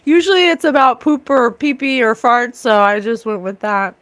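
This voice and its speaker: Woman, higher voice, scornful animated spiritual rant, dry close sound. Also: moderate pace, no room sound. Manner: animated, scornful, mocks others in sing-song voices. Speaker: psychic livestream host.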